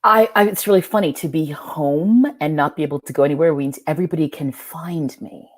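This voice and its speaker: A woman storyteller and author chatting casually over a video call, animated and laughing often. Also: low voice, brisk.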